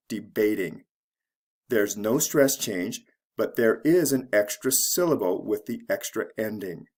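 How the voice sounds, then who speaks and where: A man teaching an English pronunciation lesson, spelling out word endings letter by letter in a measured, deliberate way. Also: on the low side, a little mellow. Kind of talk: slow scripted grammar lesson.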